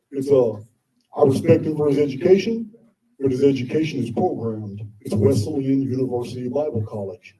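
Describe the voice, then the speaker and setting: A man's voice: mid-range voice, dark tone, distant mic, poor audio. A man presenting live to an audience, talking bluntly and combatively with frequent swearing. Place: indoor meetup venue with audience.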